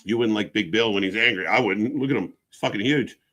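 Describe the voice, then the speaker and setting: Hosting a live watch-along of wrestling, a man talks fast, offering sarcastic, foul-mouthed, casual commentary that veers between shouting and quiet muttering.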